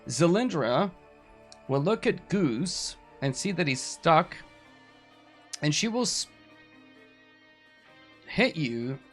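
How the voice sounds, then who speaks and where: A man running a tabletop game, walking the players through rules and the story in a relaxed, casual way. His pitch rises and falls a lot as he talks, and soft music plays underneath. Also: takes it slowly, pauses often. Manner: casual, explanatory, animated. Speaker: game master.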